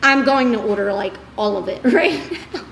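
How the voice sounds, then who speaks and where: Speaking at normal speed with vocal fry, this motivational creator has a slightly high, expressive, fairly bright voice. She rambles cheerfully to her followers on camera, full of "y'all" and "girl," in an echoey room with faint ambience and slight background noise.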